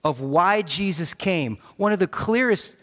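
A man in his thirties preaching a sermon, telling a personal story with animated quoted voices. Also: high voice, a little slow. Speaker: pastor. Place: large church auditorium. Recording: long hall reverb.

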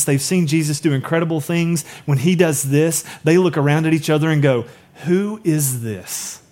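A male pastor preaching a sermon, chatty with asides, swinging between raised, urgent lines and soft, hushed emphasis. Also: mid-range voice. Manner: conversational asides.

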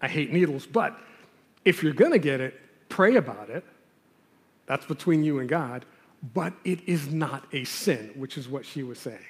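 A man preaching a sermon with a fairly high voice, talking to the congregation like friends while leaning hard on the words that matter. His voice rings out with a long hall reverb behind it. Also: animated, moderate pace. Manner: earnest, conversational preaching with emphatic stresses. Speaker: pastor.

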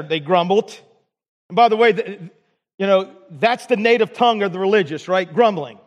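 A man with a notably high voice preaches to his church. His delivery is earnest, full of stumbling restarts and rhetorical checks, and a long reverb from the sanctuary hangs on every phrase. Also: expressive, normal speed. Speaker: pastor. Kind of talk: sermon.

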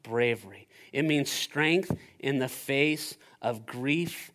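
A man preaching a sermon as pastor, animated and playful, swinging between loud urgency and quiet emphasis. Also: medium pitch, slow pace. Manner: playful asides and silly voices for the disciples.

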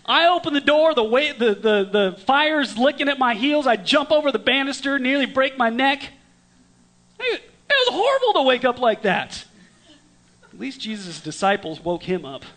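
A man preaching a storytelling sermon in a conversational way, with dramatic swings from lively to hushed. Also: very high-pitched, normal speed. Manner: conversational with restarts.

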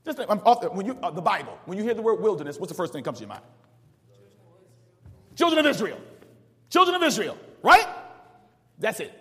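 A male pastor preaching a call-and-response sermon, reading verses aloud and pausing for the congregation to fill in the words. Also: high-pitched, big pitch swings, a bit bright, big-room sound. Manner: preaches with rising call-outs and asks the congregation to finish verses.

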